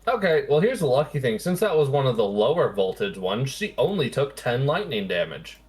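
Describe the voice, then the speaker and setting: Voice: mid-range voice, very animated, fairly quick, a little mellow. A person running a tabletop game as game master, narrating and laughing often.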